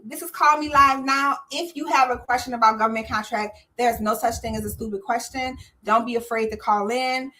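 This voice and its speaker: A woman's voice: on the high side, pushed and bright. A woman hosting a live call-in stream about government contracting, talking straight to her viewers with energy and emphasis.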